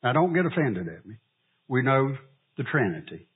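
A man preaching a sermon, asking the congregation questions and pausing for answers. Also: mid-range voice, sing-song, breathy edge, narrow, tinny audio. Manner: preaching with call-and-response questions. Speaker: pastor.

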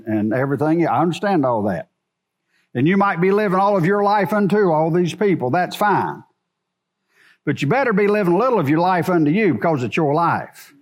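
Animated preaching man, lively pitch. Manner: animated preaching, rhetorical questions to the congregation. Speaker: pastor. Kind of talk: sermon.

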